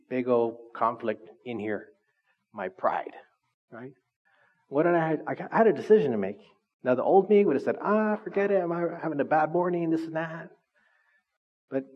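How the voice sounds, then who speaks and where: A male pastor delivers a conversational sermon in a medium-pitched voice, animated and full of asides to the congregation. The recording has a lo-fi sound.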